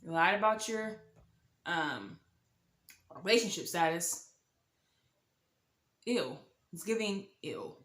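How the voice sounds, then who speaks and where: A woman's voice: fairly low pitch, expressive, slow pace, pauses often, fairly bright tone, roomy sound. Sassy young woman telling a storytime. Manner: sassy, dramatic, slangy, mock-shocked asides. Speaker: storytime vlogger. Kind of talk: animated storytime monologue.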